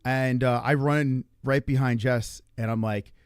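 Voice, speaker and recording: A man who is a father, telling a family story in a casual, animated way, full of swearing and acted-out quotes. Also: mid-range voice, unhurried, clean tone, no room sound, clean studio sound. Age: adult parent. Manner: animated, profane, acts out quotes. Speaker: livestream host. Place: Arizona.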